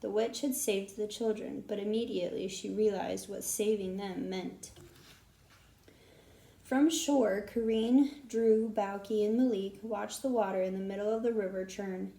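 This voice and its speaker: Gravelly woman reading a storybook. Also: medium pitch, moderate pace, few pauses. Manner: steady, expressive reading. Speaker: audiobook narrator. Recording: roomy echo.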